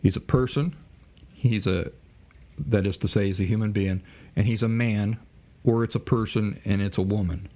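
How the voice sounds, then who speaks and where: A warm-toned man with a voice on the low side hosts a podcast at a moderate pace, delivering a lecture-style monologue. He keeps asking rhetorical questions and playing out mock dialogue.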